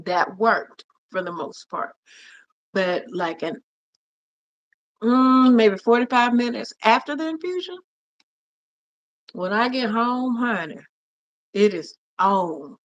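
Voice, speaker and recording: A woman with a fairly high voice hosts a casual livestream. She talks in a chatty, affectionate way and greets her viewers as honey and cousin. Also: very animated, takes it slowly, pauses often, dull audio. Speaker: livestream host. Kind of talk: casual live chat with viewers.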